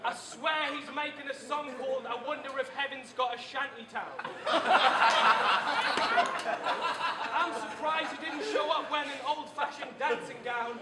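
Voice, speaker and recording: A man delivering a live battle rap with taunting insults at an event venue. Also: very high-pitched. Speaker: battle rapper. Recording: echoey room, loud crowd noise.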